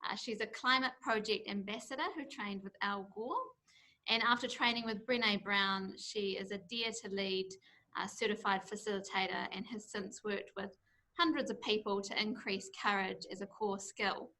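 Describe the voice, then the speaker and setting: A woman's voice: mid-range voice, steady tone, normal speed, bright, forceful tone. A New woman hosting an interview, introducing her guest and asking questions in a friendly, slightly hesitant way. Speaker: interviewer, partnerships manager.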